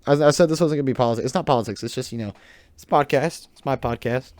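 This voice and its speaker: A man's voice: medium pitch, very fast, darkish tone, dry recording. A young adult man hosting his own podcast in a rambling, joking, loose and opinionated monologue. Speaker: podcast host. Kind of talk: casual solo podcast monologue.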